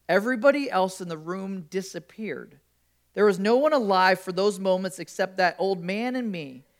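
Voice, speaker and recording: Expressive male pastor retelling a story. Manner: expressive storytelling with shifting pitch and volume. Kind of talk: sermon, reading a first-person story aloud.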